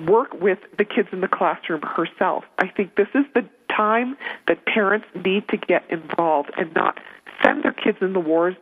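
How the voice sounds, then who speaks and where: A woman giving parenting advice on a talk show, earnest and emphatic, often repeating her key points. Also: medium pitch. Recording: narrow phone-line sound.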